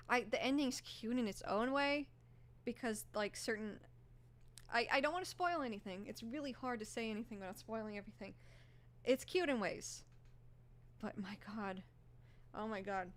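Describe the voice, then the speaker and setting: During a casual live stream, a young woman with a mid-range, somewhat hoarse voice rambles and gushes. Her speech is packed with fillers.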